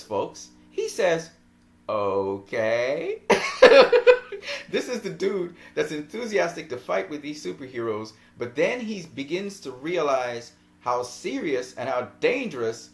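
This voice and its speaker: A man giving casual film commentary in an animated, rambling way and laughing often. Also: on the high side. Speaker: movie vlogger.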